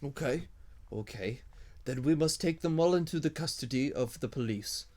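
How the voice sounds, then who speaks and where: A man's voice: mid-range voice, expressive, normal speed, a little mellow, natural voice. A man voicing a jittery little male kobold lizard-man who frets, pleads and barks orders. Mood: commanding. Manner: fretful, pleading, bossy.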